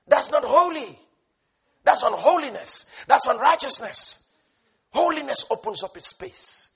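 A male preacher delivering a passionate sermon. He swings between shouted, repeated declarations and hushed, quiet urging. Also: extremely high pitch, slightly rough. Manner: repetitive, emphatic.

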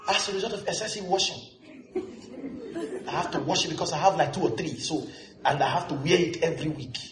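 A man preaching a lively sermon, laughing often and acting out the people he quotes. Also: high voice. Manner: animated, laughing, acts out quoted voices. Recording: echoey hall.

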